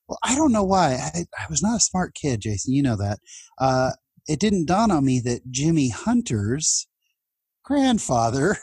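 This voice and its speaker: A middle-aged man from California telling a personal story in conversation, his voice jumping up when excited. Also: on the high side, husky, no echo. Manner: animated, voice jumps up when excited.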